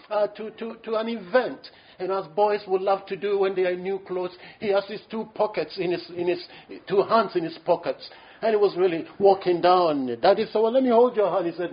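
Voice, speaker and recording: High-voiced preacher, earnest and pleading. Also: male voice. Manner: earnest, pleading, with frequent restarts and fillers. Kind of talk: sermon. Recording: muffled lo-fi sermon recording.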